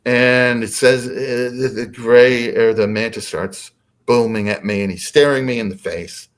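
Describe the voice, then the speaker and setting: Man, podcast guest, slow-paced, mid-pitched, hesitant, casual storytelling. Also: steady tone. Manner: unhurried, hesitant with fillers.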